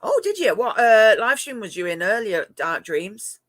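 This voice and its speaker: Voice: mid-range voice, very animated, moderate pace, fairly bright tone, dry recording. A middle-aged person from England with a mixed northern and southern English accent, chatting casually to viewers on a live stream and laughing often. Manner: chatty, laughs often, talks to pet cats. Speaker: live-stream host and moderator.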